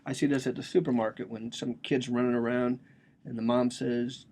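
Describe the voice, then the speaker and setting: A man's voice: mid-range voice, fairly even intonation, brisk, darkish tone. A man giving a casual, joking lecture on a religious text, explaining it with slang and asides.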